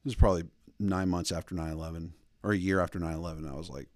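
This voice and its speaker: A man in his thirties hosting a podcast, telling stories in a rambling, animated way. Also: deep voice, racing, no echo, studio quality. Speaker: podcast host. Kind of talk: casual opinion talk.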